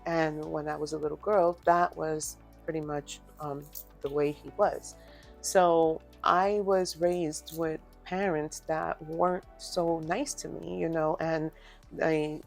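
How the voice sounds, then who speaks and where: A woman, speaking earnestly and reflectively in a personal testimony vlog, pausing often as she talks. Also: deep voice, gravelly, a little mellow. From Dominican Republic. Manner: earnest, reflective, halting with many pauses. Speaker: vlogger.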